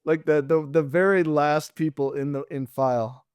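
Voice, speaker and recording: A man's voice: a little high, fairly even intonation, normal speed, a little mellow, clean tone, dry recording, clean studio sound. A young man co-hosting a podcast, chatting casually with lots of fillers and laughter. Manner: rambling, filler-heavy, laughs a lot. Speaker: podcast co-host. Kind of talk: casual chat.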